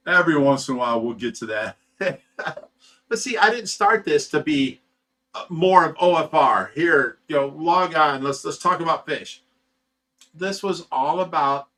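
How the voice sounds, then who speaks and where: A man's voice: fairly high pitch, sharp tone. Laid-back man hosting a casual livestream. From United States. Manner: laid-back, chuckles often, trails off with "you know". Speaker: livestream host reading chat. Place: fish rescue facility.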